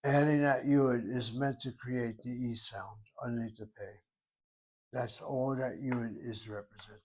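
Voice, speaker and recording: A man's voice: medium pitch, steady tone, a little slow, darkish tone. Methodical man teaching Hebrew grammar. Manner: methodical, talks through each step aloud. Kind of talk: grammar lecture.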